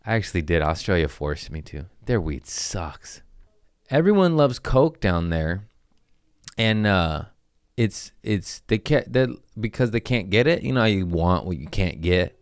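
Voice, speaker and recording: A man's voice: sits low, big pitch swings, unhurried, clear, resonant tone, no echo, studio quality. A man hosting a podcast from home, telling loose, jokey stories in casual chat with swearing and trailing asides. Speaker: podcast host. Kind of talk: casual rambling storytelling.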